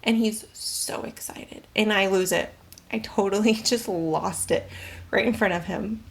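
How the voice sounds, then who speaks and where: A woman's voice: mid-range voice, measured pace, vocal fry. A young adult woman vlogger telling a personal story to camera, candid and emotional, rambling with fillers.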